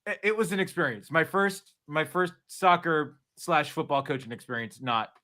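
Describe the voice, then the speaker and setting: Man, bright tense tone, lively anecdotal storyteller, casual chat. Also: on the high side, normal speed. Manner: animated storyteller, acts out quotes.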